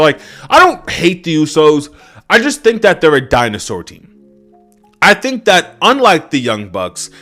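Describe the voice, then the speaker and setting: A young wrestling reviewer goes on an unscripted rant, exasperated, profane, and full of fillers. His voice is high and fairly bright.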